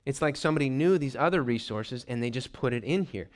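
A man preaching a teaching sermon, lively, putting on voices for quick asides and clearing his throat now and then. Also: medium pitch. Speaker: pastor.

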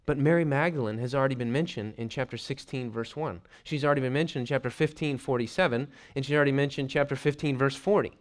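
A man preaching a teaching sermon, lively, putting on voices for quick asides and clearing his throat now and then. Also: mid-range voice. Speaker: pastor.

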